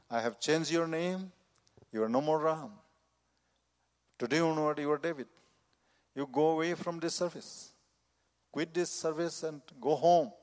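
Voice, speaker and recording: Jesus in a dream, voiced by a man telling his story: calm, commanding, measured. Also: a little high, voice pushed up, lightly acted. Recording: long hall reverb.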